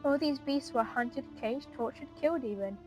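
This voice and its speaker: A woman's voice: high-pitched, moderate pace, faint music behind, close to an everyday voice, poor audio. A woman reading out an earnest young noblewoman. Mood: dismayed. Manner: reading dialogue aloud, earnest. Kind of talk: reading game dialogue aloud.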